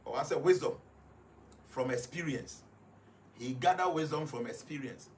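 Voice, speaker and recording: A man's voice: mid-range voice, normal speed, pauses often, a little mellow. A man with a Ghanaian accent speaking on live radio, explaining his points one at a time and mixing English with Twi. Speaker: radio guest reading numerology.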